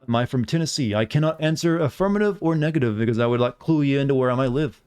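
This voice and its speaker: A man's voice: mid-range voice, fast, darkish tone, clean tone. A man streaming a game and chatting casually with his viewers, teasing them and playfully dodging their questions. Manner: teasing, evasive, talks over gameplay. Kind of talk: casual gaming commentary to chat.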